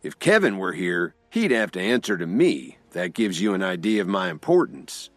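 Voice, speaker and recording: A man voicing an arrogant, threatening uncle who speaks proudly and loudly. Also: sits low, big pitch swings, moderate pace, no room sound, soft background music.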